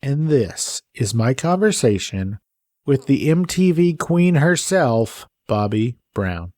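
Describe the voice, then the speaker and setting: A man's voice: medium pitch, sing-song, slow, noisy background. A man hosting a podcast interview, chatting in an upbeat, jokey way and laughing often. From American South. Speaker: podcast host. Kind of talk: podcast interview, casual chat.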